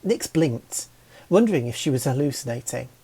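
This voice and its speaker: A man reading a fantasy story aloud as narrator, with a slow, even delivery. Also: mid-range voice, breathy edge. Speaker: audiobook reader.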